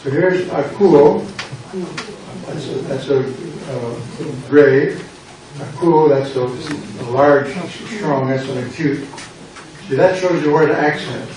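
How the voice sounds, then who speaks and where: A man's voice: on the high side, slow pace, a little mellow. An older American man, a pastor, teaching a Greek class, quizzing students, repeating words and making playful puns. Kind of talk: classroom lesson with drills. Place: church classroom. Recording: very echoey room, mic far off, noise.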